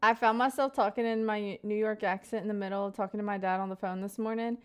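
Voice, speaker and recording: A woman's voice: mid-range voice, fairly even intonation, fast, clear, resonant tone. A young woman in her twenties chatting casually on a live stream, greeting viewers by name and rambling through stories.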